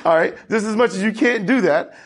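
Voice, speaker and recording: A man preaching a lively sermon as pastor, asking the congregation questions and drawing answers back. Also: sits high, fairly quick, husky. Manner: animated preaching with congregation call-and-response.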